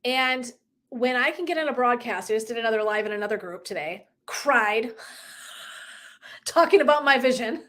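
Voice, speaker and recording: A woman's voice: a little high, moderate pace, bright, forceful tone. A woman coach giving a live motivational talk, emphatic and profane, who laughs often and acts out little dialogues. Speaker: wellness and life coach.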